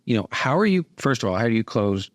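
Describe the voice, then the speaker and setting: A man of middling pitch hosts a relaxed podcast chat, telling stories of phone calls and playing both parts himself. His voice sounds close and dry, with no room around it. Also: fast talker, no echo. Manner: animated storyteller acting out both sides of calls. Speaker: host and mortgage business owner. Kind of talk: casual podcast interview.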